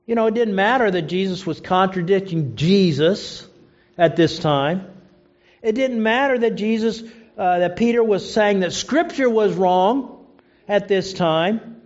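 A man's voice: sits high, expressive, measured pace. A man preaching a sermon, emphatic and asking rhetorical questions, in a dull lo-fi recording. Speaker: pastor.

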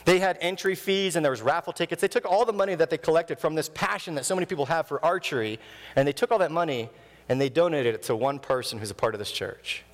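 A man in his thirties preaching a sermon in a church, telling stories with animated delivery and acting out the voices he quotes. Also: a little high, quick pace, big-room sound. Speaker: pastor. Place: church sanctuary.

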